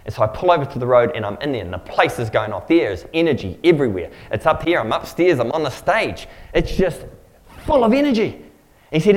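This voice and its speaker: A man's voice: mid-range voice, big pitch swings, fairly quick, rough recording. A man giving a sermon as a pastor, telling a story in a rambling, conversational, self-mocking way. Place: church.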